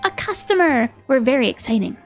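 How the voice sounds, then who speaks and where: A woman's voice: high-pitched, sing-song, brisk, faint music behind. Woman reading a cheery game shopkeeper. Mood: excited.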